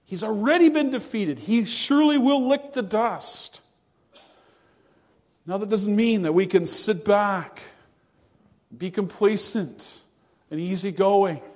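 A man preaching a sermon to his congregation, earnest and measured, drawing out words for emphasis. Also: sits high, a little mellow, in a large hall. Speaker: pastor.

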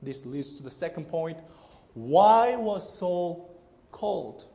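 A man's voice: fairly high pitch, expressive, takes it slowly, gravelly, dark tone. A male pastor preaching an earnest, emphatic sermon to a congregation, often restarting his phrases.

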